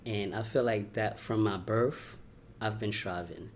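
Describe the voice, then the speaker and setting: A young man from Brooklyn, telling his life story in an interview, candid and heartfelt, talking in quick runs with lots of "you know" and "like.". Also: fairly low pitch. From Brooklyn, New York. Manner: candid, fast-flowing, heartfelt, many "you know" and "like" fillers. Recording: faint background noise.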